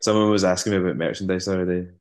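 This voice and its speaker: A man with a very deep, low voice talks as a guest on a podcast. He speaks casually and haltingly, restarting words and filling gaps with "like" and "um". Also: fairly even intonation. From West African heritage. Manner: hesitant, repeats words, many fillers. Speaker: band musician, guest. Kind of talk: casual interview chat.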